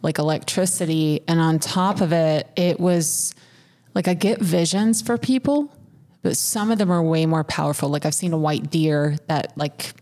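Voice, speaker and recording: A woman's voice: sits low, normal speed, darkish tone. A young woman co-hosting a podcast, telling a story in a casual, rambling way, full of "like" and the odd swear word. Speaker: podcast co-host.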